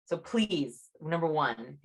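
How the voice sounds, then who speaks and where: A young woman talks as a guest author on a podcast, her voice sitting low in her range. She is chatty and animated, with lots of "like" in her talk. It sounds like a video call. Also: slow, slightly rough. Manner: chatty, fillers like "like". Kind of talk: podcast interview.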